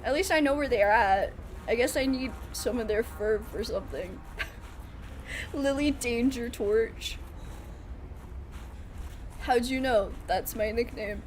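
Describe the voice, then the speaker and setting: A woman's voice: a little high, slow pace, long pauses, slight background noise. A young woman streaming a survival game, chatting to her viewers, joking and laughing, with sudden alarmed outbursts. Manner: chatty, talks to chat and the game, laughs often, bursts of alarm. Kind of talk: live gameplay commentary.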